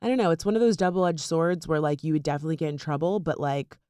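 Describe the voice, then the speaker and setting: A woman's voice: low-pitched, fast, smooth, no echo, clean studio sound. Chatty young woman podcast co-host. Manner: animated, lots of "like" fillers. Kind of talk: casual chat.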